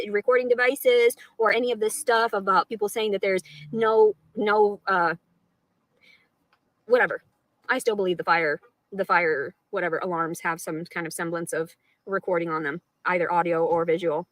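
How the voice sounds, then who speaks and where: A woman's voice: medium pitch, moderate pace, dry recording, low-quality recording. A woman talking straight to her live stream audience, rambling and swearing a lot, with an aggrieved tone. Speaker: livestreamer.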